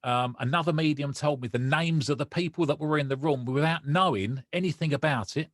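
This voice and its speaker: A man's voice: on the high side, a little fast, no echo. Man from Romford telling his story. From Romford, England. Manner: animated, acts out dialogue. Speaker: guest. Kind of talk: personal storytelling.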